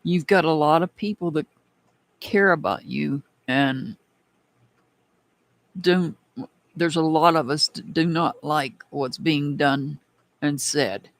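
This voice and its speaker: A tarot reader hosts a casual live-stream reading with a slow, unhurried delivery. The voice carries a gravelly rasp throughout. The reader talks chattily and calls out viewers by name. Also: medium pitch.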